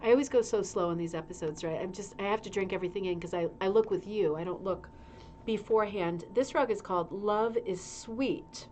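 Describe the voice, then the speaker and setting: Reading from a magazine on her casual livestream, this middle-aged host keeps breaking in with chatty remarks. She talks briskly in a mid-range, darkish voice, and there's a little hiss or hum, with a heater humming in the indoor room.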